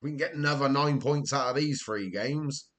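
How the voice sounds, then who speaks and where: Over a football management game, a young streamer from Wales chats casually in a mid-range, slightly bright voice at a moderate pace. He's given to storytelling, laughs often, and engages with his chat.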